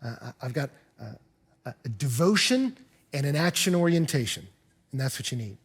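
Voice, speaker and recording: A man's voice: mid-range voice, normal speed, husky. A middle-aged man, a pastor, preaching a sermon and acting out the people in his stories. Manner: animated storyteller, acts out dialogue in quotes.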